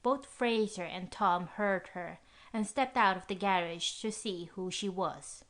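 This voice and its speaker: A woman's voice: medium pitch, a little slow, fairly bright tone. Woman reading a mystery audiobook. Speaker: audiobook narrator. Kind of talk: scripted narration.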